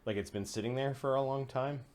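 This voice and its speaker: A man running a tabletop game as game master, narrating haltingly with many fillers. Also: mid-range voice, darkish tone, a little hiss or hum.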